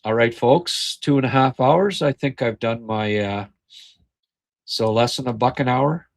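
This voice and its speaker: A middle-aged man with an Ottawa Valley accent hosting a casual hockey podcast, speaking haltingly with frequent pauses and fillers. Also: mid-range voice, creaky, no room sound. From Ottawa Valley, Canada. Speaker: podcast host. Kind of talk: casual post-game hockey chat, reading viewer comments.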